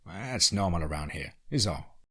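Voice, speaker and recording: A man's voice: sits low, lively intonation, normal speed, a bit bright, breathy edge, exaggerated voice. A man doing a hesitant country-accented young rancher. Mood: evasive. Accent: American country. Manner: hesitant, fumbling for words. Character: young male rancher, evasive and uneasy.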